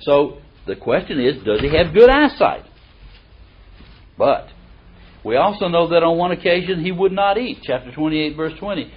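A middle-aged man teaching a Bible lesson in a chatty, folksy way. His pitch swings widely as he acts out the verses, and the recording sounds dull and lo-fi. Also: normal speed. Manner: folksy and animated, reads verses aloud with emphasis. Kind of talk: conversational sermon.

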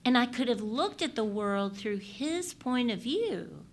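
Animated woman teaching about parenting. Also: on the high side, unhurried. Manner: animated, asks the audience questions, shifts between loud and hushed. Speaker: parenting speaker. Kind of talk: teaching talk.

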